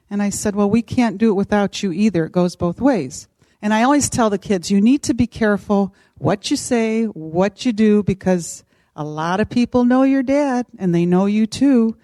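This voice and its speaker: A middle-aged woman tells a personal story in a relaxed, chatty way, acting out the voices of the people in it. Her voice is mellow and warm at a middle pitch. The recording is close and dry. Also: no room sound. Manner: animated, acts out quoted voices. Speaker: podcast co-host. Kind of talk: casual storytelling.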